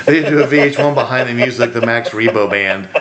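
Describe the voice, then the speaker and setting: A man's voice: medium pitch, fast, over a noisy crowd. A man co-hosting a podcast in casual chat, rambling and acting out quotes. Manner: rambling, animated, acts out quotes. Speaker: podcast co-host.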